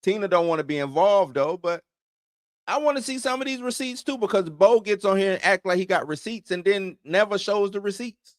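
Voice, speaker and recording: A man's voice: sits high, fairly quick, no room sound, clean studio sound. A man hosting an entertainment news show in loose, slangy casual commentary, chuckling between points.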